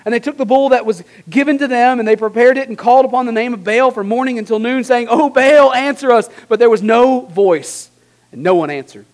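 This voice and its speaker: A man's voice: very high voice, brisk. A man preaching a sermon, reading a long scripture passage aloud with dramatic emphasis and asking rhetorical questions. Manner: reads scripture with dramatic emphasis, rising for quoted lines; asks rhetorical questions with a tag like "right?". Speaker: pastor.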